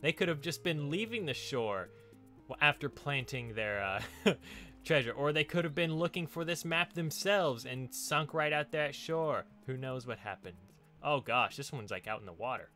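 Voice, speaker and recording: A man's voice: medium pitch, lively intonation, normal speed, bright, forceful tone, faint music behind. A man hosting a let's play, chatting casually and laughing often while he explores and digs. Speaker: gaming channel host.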